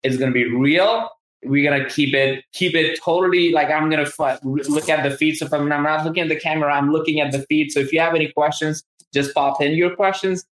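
Male host, Southern accent, excitable and rambling, live-stream chat on a video call. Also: a little high, a little fast. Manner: enthusiastic, rambling, many restarts and fillers. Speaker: podcast host. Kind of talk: casual live-stream interview. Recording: roomy, echoey room sound.

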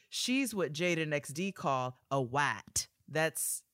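Bright, animated woman podcast host. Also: low voice, slow pace, no room sound, clean studio sound. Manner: animated and playful, reading listener letters aloud with commentary. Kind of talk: casual chat.

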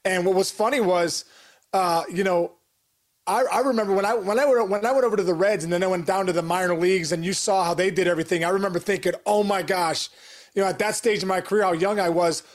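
Brief: male co-host, high voice, eager casual chat, reactive. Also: fast talker. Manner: eager, reactive, laughs along. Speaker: podcast co-host.

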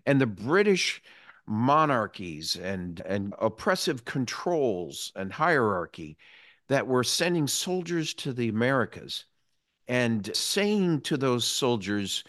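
A man's voice: medium pitch, very animated, takes it slowly, fairly bright tone, no room sound, clean studio sound. A man hosting an interview, speaking in a reflective and emotional way. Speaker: interview host. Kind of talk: political interview.

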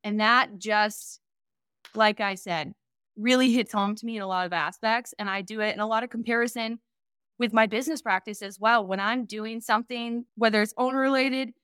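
A woman's voice: a little high, fairly even intonation, normal speed, a bit bright, clean tone, no echo, clean studio sound. A woman in her twenties, a guest on a podcast, chatting candidly about starting her business. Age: 20s. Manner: chatty, candid, playful banter. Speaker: guest, vacation rental business owner. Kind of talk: casual podcast interview.

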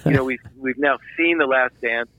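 A man from Philadelphia, a filmmaker guest, telling a long anecdote in an animated interview, with restarts and asides. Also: medium pitch, normal speed, dry recording, poor audio. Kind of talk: storytelling interview.

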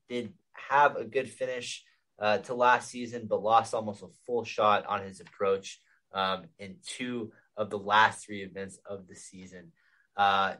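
A man's voice: lowish voice, a bit bright, poor audio. A man co-hosting a podcast, steadily going through golf betting picks with frequent "um" fillers.

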